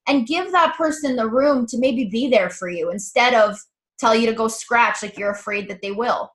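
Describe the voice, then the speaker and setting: Chatty woman coaching with a fairly high voice. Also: normal speed. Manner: candid, chatty, swears casually. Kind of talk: casual motivational talk.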